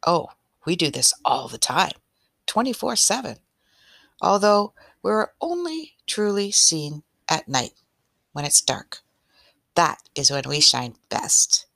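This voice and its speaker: A woman voicing a cheerful, proud star in a read-aloud story, with a bright, simple, earnest delivery. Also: fairly low pitch, sing-song, slow, creaky, no echo, studio quality, exaggerated voice.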